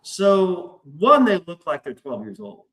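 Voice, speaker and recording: Middle-aged male podcast host, raised pitch, excitable, profane, chatty storyteller. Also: slow. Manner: excitable, heavy swearing. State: stressed, hyped up. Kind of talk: casual storytelling.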